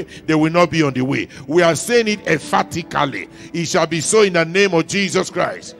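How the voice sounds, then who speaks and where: A Nigerian pastor preaches with emphatic repetition, drawing answers from his congregation. His voice sits a little high and carries a gravelly edge. Faint music plays behind him in the church. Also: animated, fairly quick, hardly any pauses. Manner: emphatic call-and-response preaching, repeating lines. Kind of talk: sermon.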